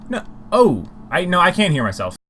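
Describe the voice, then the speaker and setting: A man's voice: high voice, wildly swooping pitch, moderate pace, pushed and bright, breathy edge. A man co-hosting a casual podcast live stream, talking in an easygoing way and thinking aloud. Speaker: podcast co-host.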